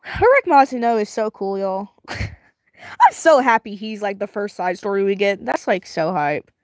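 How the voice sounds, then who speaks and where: A woman reacting to a webtoon as she reads it, excitable and giggly, chatting to her viewers in slang, her voice a little strained and tired. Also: medium pitch, a little slow, no room sound, clean studio sound. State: strained, tiring voice. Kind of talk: casual reaction reading.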